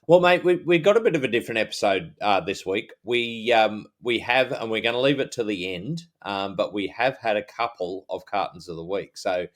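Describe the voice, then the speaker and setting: This is a middle-aged Australian man with a very low, deep voice, chatting casually as a podcast co-host. He rambles, stops and restarts, and leans on plenty of fillers. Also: animated, normal speed, few pauses.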